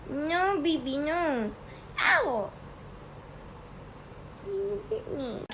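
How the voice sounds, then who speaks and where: A woman softly greeting and gently scolding her pets on a home video. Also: high voice, expressive, very slow, gravelly. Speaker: pet owner. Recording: noisy home phone video.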